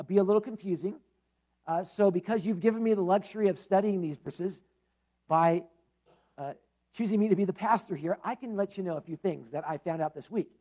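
High-voiced male pastor preaching. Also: mellow. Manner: conversational, with fillers and asides. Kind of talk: sermon with prayer and scripture reading.

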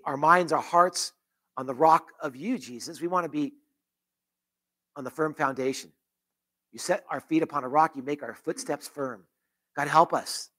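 A man's voice: on the high side, bright, forceful tone. A man pastor leading a closing prayer in church, earnest, with repeated phrases and restarts. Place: church sanctuary.

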